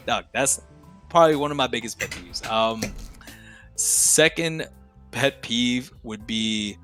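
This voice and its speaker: A man's voice: medium pitch, slow pace, long pauses, a bit bright, soft background music. A young man, a streamer guest on a podcast, talking casually with heavy profanity and slang, laughing often.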